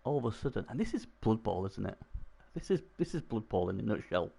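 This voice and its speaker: Chatty guy commentating his game stream, low gravelly husky voice, gets excited. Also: a little fast. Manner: chatty, excitable, talks to chat.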